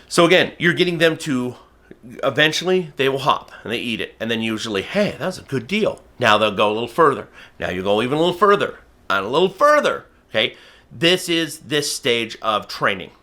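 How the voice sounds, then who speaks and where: This medium-pitched man talks a little fast as he teaches, straight to camera, how to get a falcon hopping to the fist. As a falconry instructor full of emphatic energy, he performs the bird's and the viewer's voices.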